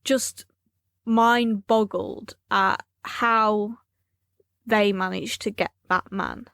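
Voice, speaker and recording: A woman co-hosting a podcast in casual chat, animated and rambling, often correcting herself mid-sentence. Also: mid-range voice, very slow, vocal fry, dry recording, clean studio sound. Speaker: podcast co-host.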